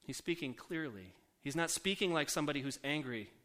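A man preaching a sermon in a conversational way, asking the congregation questions and slowing down to softly repeat scripture. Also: a little high, lively intonation. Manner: slows down and softens for scripture quotes.

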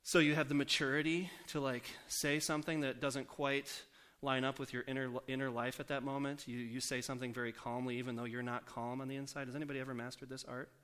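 A man preaching a sermon in a conversational way, asking the congregation questions and slowing down to softly repeat scripture. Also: mid-range voice, flat delivery, clear, resonant tone. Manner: slows down and softens for scripture quotes.

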